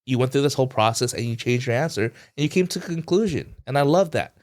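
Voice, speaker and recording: A man co-hosting a casual podcast, retelling an experience with an easy, chatty flow. His pitch sits in a middle range, and he slips into acted-out quotes while piling up "like" as a filler. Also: fast talker. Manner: animated retelling, acts out quoted voices, fillers like "like". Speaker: podcast co-host. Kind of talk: casual storytelling chat.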